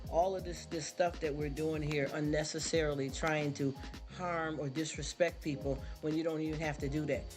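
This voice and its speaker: A man's voice: fairly high pitch, fairly even intonation, normal speed. Preachy man ranting on a livestream. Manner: preachy, repeats himself, rhetorical questions. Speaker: livestream host. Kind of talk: casual livestream rant. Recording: livestream with music behind. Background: background music.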